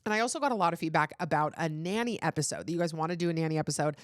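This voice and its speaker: A woman hosting a podcast talks in a loose, candid ramble, her voice sitting a little low. The sound is close and dry, with no room around it. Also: racing, no echo. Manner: candid, rambling, heavy use of "like". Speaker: podcast host. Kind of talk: casual chat.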